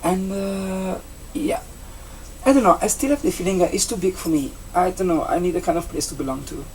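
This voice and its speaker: A young adult vlogger from Italy with an Italian accent, a native Italian speaker chatting casually in English, rambling and halting with many restarts and fillers. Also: medium pitch, darkish tone. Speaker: vlogger, seasonal campsite entertainment worker. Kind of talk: casual vlog chat. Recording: distant mic with faint background noise.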